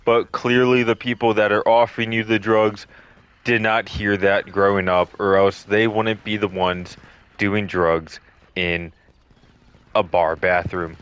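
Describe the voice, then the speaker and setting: A man's voice: fairly low pitch, fairly bright tone, smooth. A young man telling a rambling story casually, full of swearing and ums, acting out the quotes. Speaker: storytelling vlogger. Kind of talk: casual storytime over gameplay.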